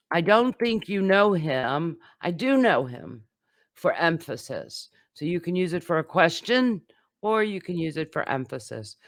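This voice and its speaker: A man gives a recorded English grammar lesson, talking slowly and patiently through example after example. His voice sits a little high for a man and sounds close and dry, with no room around it. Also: fairly bright tone, dry recording. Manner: patient explaining with many examples and fillers. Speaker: English teacher.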